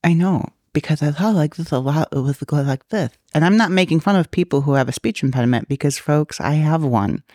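A woman's voice: low-pitched, brisk, few pauses, a little mellow, no room sound, clean studio sound. A woman co-hosting a podcast in casual, rambling banter, with a slight lisp at times. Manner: rambling, jokey, laughs often. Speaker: podcast co-host.

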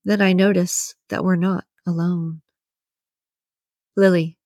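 Low-voiced woman narrating a romance. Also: steady tone, normal speed, no echo, studio quality. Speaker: audiobook narrator. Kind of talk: first-person romance narration.

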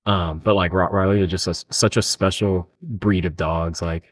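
A man's voice: low-pitched, fairly even intonation, moderate pace. A young man hosting a podcast, telling laid-back stories with a friend and saying "dude" a lot. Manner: laid-back storytelling, says "dude" often. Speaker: podcast host. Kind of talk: casual chat.

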